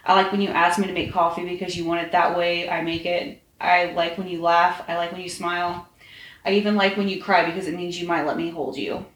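A woman's voice: on the low side, little pitch movement, a little fast, natural voice. A woman voicing Draco, a cold, aloof young male wizard who grumbles when exasperated. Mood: tender. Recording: roomy echo.

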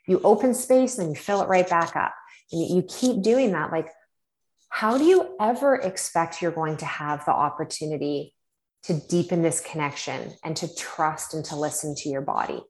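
A woman's voice: fairly low pitch, moderate pace, a little mellow, reverberant. A woman telling a personal story in casual chat, with many fillers, acting out her own reactions. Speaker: podcast guest.

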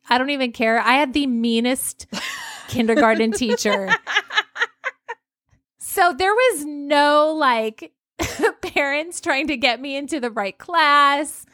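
A woman in her forties co-hosting a podcast, telling a story in an animated way and laughing often. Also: high voice, takes it slowly, no echo, clean studio sound. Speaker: podcast co-host. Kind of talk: casual chat.

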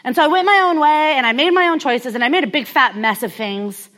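A woman's voice: high-pitched, fairly quick, a bit bright. A woman in her thirties from California giving a candid, conversational sermon told as a personal story, with many casual fillers. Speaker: speaker.

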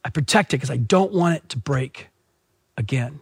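A man voicing his small daughter as a little girl, hushed and soft-spoken, inside a sermon story. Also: mid-range voice, lively intonation, moderate pace, slightly rough, no room sound, clean studio sound.

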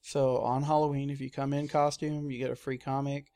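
A man in casual chat, telling lively stories and acting out his own screams. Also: mid-range voice, fairly quick. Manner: animated storyteller, mimics his own screams. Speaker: comic shop staff guest. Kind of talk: casual radio-style chat.

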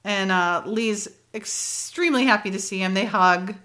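Woman, bright voice, casual chat, recapping a show, frequent laughs, many fillers. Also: medium pitch, normal speed. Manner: laughs often, retells scenes with many fillers. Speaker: podcast co-host recapping a TV episode.

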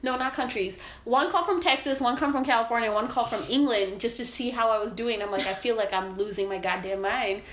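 A woman co-hosting a casual podcast, telling stories and ranting in an animated way. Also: fairly high pitch, quick pace, few pauses, reverberant, a little hiss or hum. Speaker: podcast co-host.

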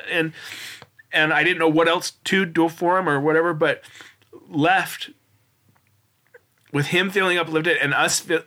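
A man in his forties talks as a podcast guest, with a bright, clear-edged tone. He tells his story earnestly and loosely. He keeps restarting sentences and leans on little fillers. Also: on the high side. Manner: earnest, rambling, many restarts and "like"s. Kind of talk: casual storytelling interview.

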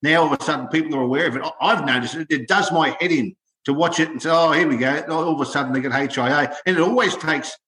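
An older Australian man chatting casually about rugby league, telling stories in an animated way and repeating words as he goes. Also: a little high, fast talker, hardly any pauses, reverberant. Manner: animated storytelling, repeats words when excited. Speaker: podcast co-host, former rugby league player. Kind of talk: casual sports chat.

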